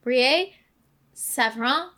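A young woman co-hosts a casual podcast, chiming in with playful jokes and quick comments. Her voice sits slightly high and rings very bright. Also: lively intonation. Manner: playful, joking interjections. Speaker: podcast co-host. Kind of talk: casual chat.

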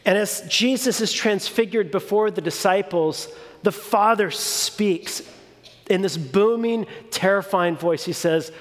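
A man preaching a sermon in a deliberate, emphatic way, repeating phrases for weight. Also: high voice. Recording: long reverb of a large hall.

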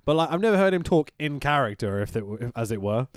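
A man's voice: medium pitch, very animated, quick pace, dry recording, clean studio sound. A man co-hosting a casual podcast, chatting sarcastically about old wrestling and swearing now and then. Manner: sarcastic, swearing, laughing at the show. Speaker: podcast co-host.

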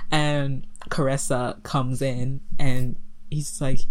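Low-voiced giggly woman recapping a film. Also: slow pace. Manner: giggly, animated storytelling with many fillers. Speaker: podcast co-host recapping a movie. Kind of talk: casual chat.

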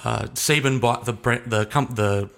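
A man's voice: medium pitch, moderate pace, gravelly, fairly bright tone. A young adult man talking casually as an interview guest, rambling and hesitant, often restarting his sentences.

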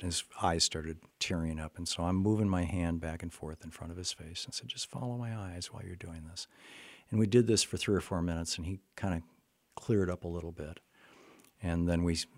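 An older man, a therapist, telling a story in a halting conversational way, with many restarts and fillers. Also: sits low, no room sound.

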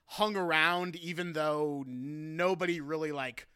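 Bright, crisp-voiced young man. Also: fairly high pitch, unhurried, no room sound, studio quality. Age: young adult. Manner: animated storytelling, swears, laughs. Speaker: podcast co-host. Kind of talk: casual chat.

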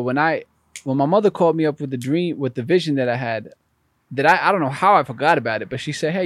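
A man's voice: medium pitch, no room sound. A man guest on a podcast, telling a personal story in conversation and acting out the voices in it. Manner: animated, acts out voices in his story.

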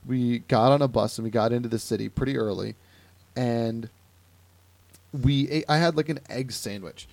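Animated young man from Ohio with a gravelly voice. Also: medium pitch, normal speed, no room sound. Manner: animated storytelling with quoted voices. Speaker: podcast host. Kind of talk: casual chat.

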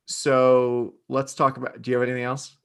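A man co-hosting a casual podcast, laid-back and quick with dry asides. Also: medium pitch, completely flat delivery, vocal fry, clear, resonant tone. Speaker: podcast co-host.

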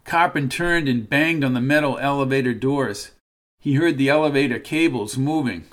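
A man giving scripted narration of a horror story in a steady, measured way. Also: mid-range voice.

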